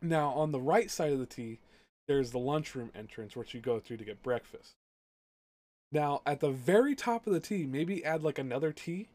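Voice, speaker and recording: Animated young man ranting, close and dry. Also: on the high side, moderate pace, dry recording. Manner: animated storyteller, heavy swearing, acts out both sides of arguments. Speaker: podcast co-host. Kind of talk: casual ranting chat.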